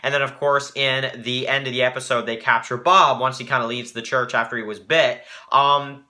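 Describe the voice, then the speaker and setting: A man's voice: medium pitch, fairly even intonation, moderate pace, sharp tone. A man casually recapping a TV series, rambling with lots of fillers and briefly acting out the characters' lines. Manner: rambling, heavy fillers, acts out quoted lines. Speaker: TV show reviewer.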